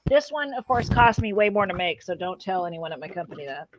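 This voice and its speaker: A woman's voice: mid-range voice, big pitch swings, fast, noisy background. A woman hosting a casual livestream chat, chatty and playful, thinking aloud with fillers. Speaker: host.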